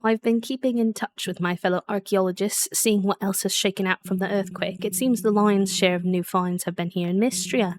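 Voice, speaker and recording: Bookish archaeologist villager, a woman putting it on, put-on british accent, reads lines out loud. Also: medium pitch, fairly even intonation, a little fast, few pauses, a little hiss or hum, close to an everyday voice. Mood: musing. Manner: reads game dialogue aloud in a put-on accent.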